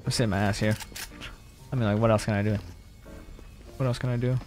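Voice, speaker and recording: A man streaming a shooter game, chatting casually and excitably, swearing and joking about his own play, close on his mic. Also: on the low side, fast talker, music in the background. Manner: casual, profane, excitable, self-deprecating. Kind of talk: live gameplay commentary. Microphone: close desk mic with popping plosives.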